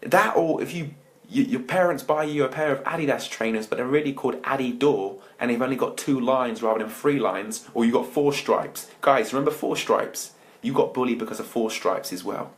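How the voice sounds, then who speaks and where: A young man, a motivational speaker telling his life story to an audience in a lively, chatty way. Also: mid-range voice, fairly quick. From England.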